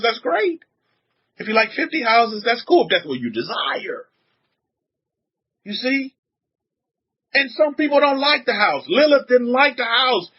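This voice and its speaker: Husky animated man preaching informally. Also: high-pitched, highs cut off. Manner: animated, repetitive, punctuated with blessings. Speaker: rabbi teaching a congregation. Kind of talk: informal outdoor sermon.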